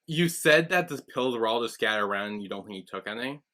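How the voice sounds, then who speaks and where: A fast-talking man with a sharp tone co-hosts a podcast, casually recapping a TV episode in an animated way. He retells the scenes plot-style and quotes the characters in a lowered voice.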